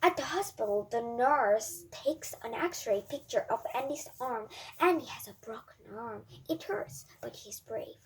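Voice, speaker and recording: Storybook narrator: woman, high voice, careful read-aloud with slight slips. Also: expressive, a little slow, few pauses, slightly rough. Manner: careful reading with small slips. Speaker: storybook reader. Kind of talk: reading a children's storybook aloud.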